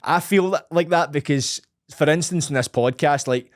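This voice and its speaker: A Glaswegian man in his thirties who talks as a podcast guest, rolling his R's and spinning rambling, jokey stories. His voice sits a touch high for a man. The sound is dry and close, with no room around it. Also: moderate pace, no echo. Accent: Glaswegian Scottish. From Scotland. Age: 30s. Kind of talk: casual chat.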